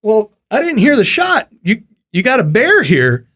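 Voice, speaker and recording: A man voicing a patient, dry-witted game warden, friendly and drawn-out. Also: high voice, wildly swooping pitch, fairly bright tone, voice pushed up, heavily acted. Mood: questioning.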